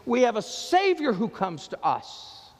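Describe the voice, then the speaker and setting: A male pastor preaching with a high, lively voice that swoops up in fervor and sinks down soft for quoted scripture. His sermon rings out with a long church reverb trailing behind every phrase. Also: a little slow. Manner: impassioned preaching, dropping low and soft for quoted words of Jesus.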